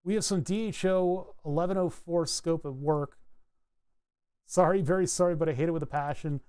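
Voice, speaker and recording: A man's voice: a little high, moderate pace, warm tone, smooth. A man chatting casually on a live stream while designing a circuit board, rambling with wry asides and frequent self-corrections.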